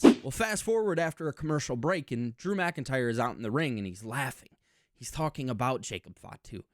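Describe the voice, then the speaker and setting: A man with a middle-pitched voice talks through a wrestling recap in a chatty, emphatic way, often doubling his words when he gets excited. The recording is dry and close, with no room sound. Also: fairly quick, dry recording. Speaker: wrestling commentary channel host. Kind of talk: casual recap and opinion monologue.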